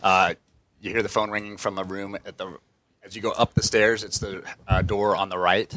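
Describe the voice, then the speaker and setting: A man with a lowish voice narrates a tabletop game as its game master. He lays out each scene in a loose, filler-heavy way, and the recording is close and dry. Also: level tone, moderate pace, sharp tone, no echo, poor audio. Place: home studio.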